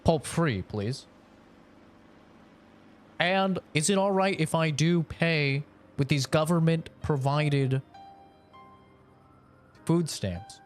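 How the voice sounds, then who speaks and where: This is an exaggeratedly formal, courteous male customer, as a man puts him on. He makes a polite complaint in slow, stilted phrasing. Faint music plays underneath. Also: fairly high pitch. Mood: overly polite.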